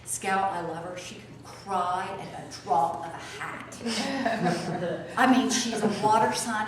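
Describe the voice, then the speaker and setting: A woman teaching a small group, swinging from soft asides to loud outbursts. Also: mid-range voice, a little slow. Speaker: spiritual teacher. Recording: echoey room from a distance, faint noise.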